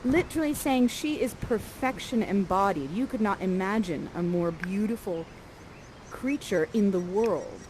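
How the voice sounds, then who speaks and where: A woman directing a live Shakespeare performance, coaching the players and reading their lines softly. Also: mid-range voice, a little slow, a little hiss or hum, low-quality recording. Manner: animated, coaching, reads lines aloud in a soft voice. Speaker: theatre director coaching actors.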